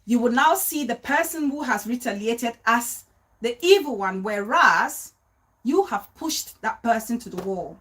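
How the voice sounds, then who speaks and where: A woman talks to her livestream audience in an animated, chatty way. Her voice sits a little high, and she repeats phrases for emphasis, stops to greet viewers by name, and laughs easily. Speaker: livestream host. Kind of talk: casual live-stream talk to viewers.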